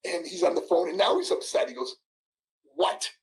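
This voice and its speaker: A man in his sixties telling a story in an interview, animated, laughing, acting out everyone's voices. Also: high-pitched, fast, rough recording. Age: 60s. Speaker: guest, former wrestler.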